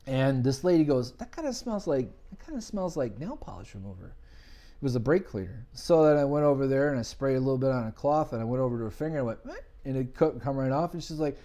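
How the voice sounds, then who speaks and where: With a mid-range voice and rapid delivery, a man who owns a business guests on a podcast for casual storytelling. He's lively and animated, performing the quoted voices of characters in his tales.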